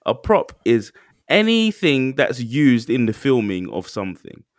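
A man co-hosting a podcast, talking in a casual, excitable way and acting out quotes. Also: mid-range voice, unhurried, no echo, clean studio sound. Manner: animated, excitable, acts out quotes. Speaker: podcast co-host. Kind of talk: casual chat.

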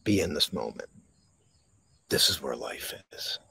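A man hosting a live mindfulness podcast from a park, talking slowly and reflectively with dramatic pauses and reading viewer comments. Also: extremely low pitch, animated, gravelly, pushed and bright, breathy edge, dry recording. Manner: reads and answers viewer comments. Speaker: podcast host. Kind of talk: live-streamed mindfulness talk. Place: outdoors in a park.

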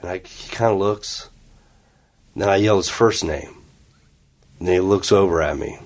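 A man's voice: deep voice, moderate pace. A man from Ohio, a guest telling a story in casual chat in an office conference room, acting out what people said. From Ohio, USA. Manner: animated, acts out quotes.

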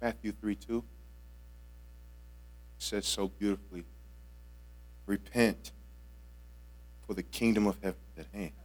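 A man preaching a sermon as a guest preacher, swinging from hushed, conversational asides to shouted lines. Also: lowish voice, fairly even intonation, a little slow, long pauses. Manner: casual, conversational with playful voiced asides.

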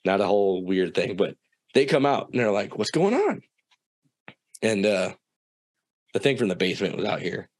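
Low-voiced man telling a wild story. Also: brisk, dry recording. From South Dakota. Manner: profane, animated storytelling with quoted dialogue. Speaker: guest storyteller. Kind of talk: casual spoken story.

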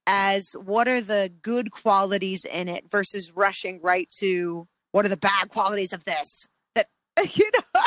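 A woman co-hosting a podcast in casual chat, self-deprecating and quick to laugh. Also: mid-range voice, fairly even intonation, fairly bright tone, no room sound. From from an Irish Catholic family. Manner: self-deprecating, laughs often, chatty with fillers.

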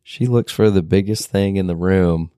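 A man's voice: low voice, moderate pace, mellow, clean tone, no room sound, studio quality. A man co-hosting a podcast, in easygoing casual chat. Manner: laid-back, easygoing. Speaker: podcast co-host.

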